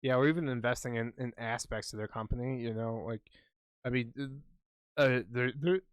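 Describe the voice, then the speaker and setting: Male podcast co-host, mid pitch, profane and excitable, dry close recording. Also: normal speed, clear, resonant tone, dry recording. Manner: swears constantly, rambling and excitable. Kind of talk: casual chat.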